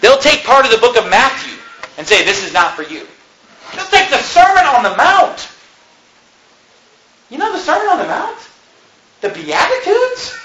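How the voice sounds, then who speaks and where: A male pastor preaching a sermon, impassioned and animated, with mocking asides. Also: very high voice, normal speed, pauses often, slight background noise, poor audio.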